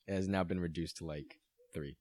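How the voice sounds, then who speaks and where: Low-voiced young man, laughing storyteller. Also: steady tone, darkish tone, no room sound, studio quality. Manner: laughing, swearing, fast anecdotal storytelling. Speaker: podcast co-host. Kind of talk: casual chat.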